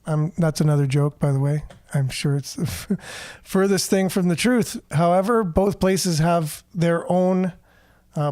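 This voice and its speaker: A man's voice: on the high side, darkish tone, no echo, clean studio sound. A man hosting a radio morning show in a casual chatty way, greeting listeners and reading their comments aloud. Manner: chatty, upbeat, rambling. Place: radio studio.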